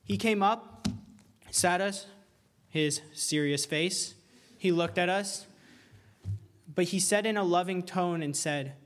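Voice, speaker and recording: A young man preaching with earnest, animated energy, his voice sitting a little high for a man. He stumbles and repeats words when something excites him, then slows right down to press a point home. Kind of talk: sermon.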